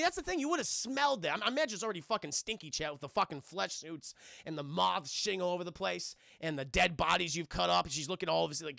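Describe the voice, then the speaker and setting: A man's voice: fairly high pitch, gravelly, bright, forceful tone, dry recording, studio quality. A young man streaming a casual, profane, rambling film recap, talking constantly to his live chat.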